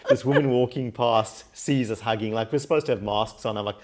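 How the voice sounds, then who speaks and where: A man with an Australian accent, a life coach telling his story in a casual interview, animated and laughing often as he acts out what people said. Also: mid-range voice, brisk, a little hiss or hum. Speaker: guest, mindset and life coach.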